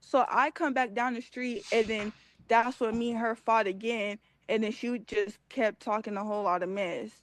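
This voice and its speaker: A woman's voice: a little high, steady tone, normal speed, a little hiss or hum, low-quality recording. A woman from Los Angeles casually telling her side of a fight, chatty and matter-of-fact. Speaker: woman recounting a fight in a video clip. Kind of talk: casual storytelling.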